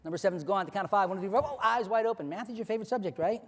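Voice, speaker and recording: A man hypnotizing volunteers on stage, rattling off rapid, repetitive suggestions. His voice sits fairly high and the pace is very quick. It rings out through a large hall with a lingering echo. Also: a bit bright. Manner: commanding, playful with volunteers. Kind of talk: live hypnosis stage show. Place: large hall before an audience. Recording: echoey hall, live stage.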